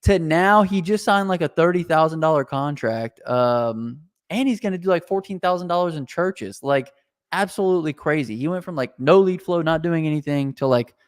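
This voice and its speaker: A man co-hosting a casual business podcast, energetic and loose, calling people dude. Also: fairly high pitch, normal speed, dry recording, clean studio sound. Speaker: co-host.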